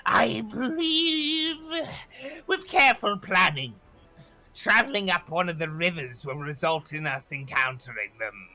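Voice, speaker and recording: A man voicing a hulking bird-monster crewman who speaks slowly and formally. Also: sits high, animated, pushed and bright, faint music behind, heavily acted. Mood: measured. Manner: slow, deliberate, formal speech.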